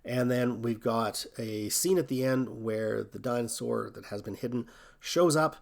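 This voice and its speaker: A man hosting a coding tutorial, thinking aloud in a relaxed way as he walks through a screen recording. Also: medium pitch, a little slow, creaky.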